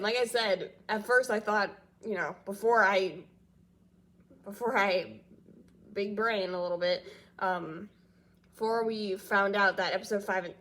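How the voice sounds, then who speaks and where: A woman talking casually in a fan reaction vlog, congested and a bit nasal, rambling with lots of fillers and frequent giggles. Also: medium pitch. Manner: rambling, with frequent fillers and loops back on itself; giggles often between thoughts. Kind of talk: casual chat reacting to TV news.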